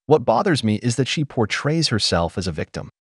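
A man's voice: mid-range voice, sing-song, a little fast, slightly rough, no room sound, studio quality. Blunt man lecturing in opinion commentary.

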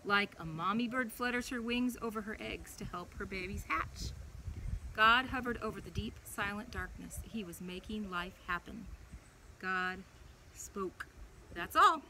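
A young woman leading a preschool chapel, reading a Bible story to young children in a playful, animated way. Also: mid-range voice, a little slow, slight background noise, poor audio.

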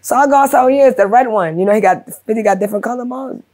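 Racing along in a fairly high voice, a female rapper from Queens, New York, tells a story during a casual interview. She swears a lot and performs the voices of the people in it with big animation.

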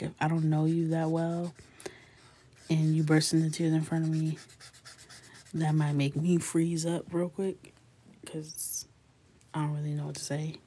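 A woman's voice: low-pitched, a little hiss or hum. A woman in her thirties hosting a live coloring stream, chatting casually and laughing with viewers, often dropping to a whisper. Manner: soft-spoken, often drifting into a whisper. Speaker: coloring livestream host.

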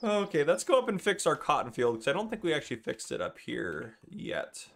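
A man's voice: a little high, huge pitch swings, brisk, creaky. A man hosting a live farming-game stream, chatting with viewers by name and breaking into helpless laughter. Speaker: livestream gameplay host.

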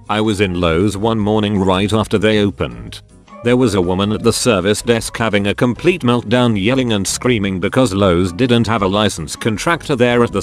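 A man narrating forum posts as a scripted reading, with lively ups and downs. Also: on the low side.

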